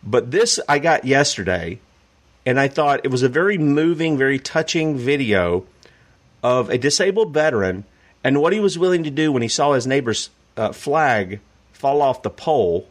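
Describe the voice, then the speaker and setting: A man's voice: medium pitch, very animated, moderate pace. A man hosting a radio talk show, delivering emphatic, indignant political commentary.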